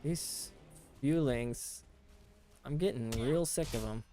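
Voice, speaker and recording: A man's voice: medium pitch, slow pace. An American man chatting casually with his stream chat while playing a game, rambling and talking things through as he goes. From United States.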